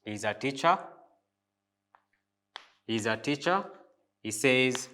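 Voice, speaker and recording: Man, French teacher, slow deliberate delivery, bright tense tone, repeats phrases. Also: fairly high pitch, slight background noise. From Africa. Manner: slow, repeats words, spells out French pronunciation. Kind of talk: language lesson.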